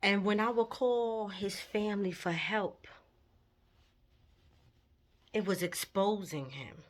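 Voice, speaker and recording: A woman's voice: medium pitch, takes it slowly. A woman telling a personal story in a candid, emotional vlog, with her intensity rising at times. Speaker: vlogger.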